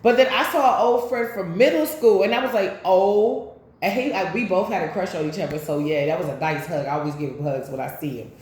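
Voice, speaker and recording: A woman's voice: on the low side, fairly quick. Echoey, chatty woman tarot reader. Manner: chatty, loose and profane, with sudden loud bursts. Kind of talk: casual spiritual reading and storytime. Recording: very echoey room.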